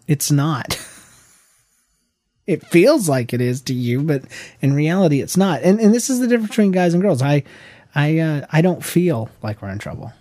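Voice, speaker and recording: A man in his thirties co-hosts a podcast with his wife, joking and chatting casually while rambling and restarting often. His voice is slightly high, warm, and very animated at a normal pace, with no echo.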